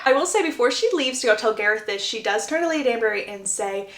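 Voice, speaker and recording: A woman's voice: on the high side, animated, fast talker, hardly any pauses, fairly bright tone. A young woman casually retelling a story as a book recap creator, chatty and gushing. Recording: roomy echo.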